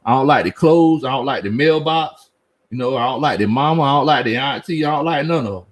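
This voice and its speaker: Talking a little fast at a medium pitch, a middle-aged sports show host chats through viewer comments on his casual live stream. He's animated, laughs often, and speaks in Southern slang.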